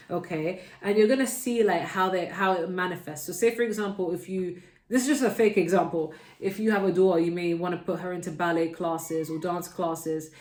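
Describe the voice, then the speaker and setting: Chatty woman tarot reader, low voice. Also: a little mellow, reverberant. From United Kingdom. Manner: chatty, repeats "okay?" often. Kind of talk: casual tarot reading.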